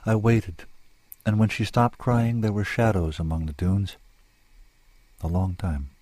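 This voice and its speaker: A man's voice: lowish voice, unhurried, warm tone, no echo. A man reading a dramatic story aloud in an intense, lyrical, sombre manner. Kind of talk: scripted story narration.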